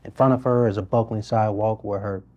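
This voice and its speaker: A man's voice: on the low side, steady tone, fast talker, a little mellow, no room sound, muffled recording. A man, a mayor speaking earnestly and steadily in a studio interview. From Birmingham, Alabama. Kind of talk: interview conversation.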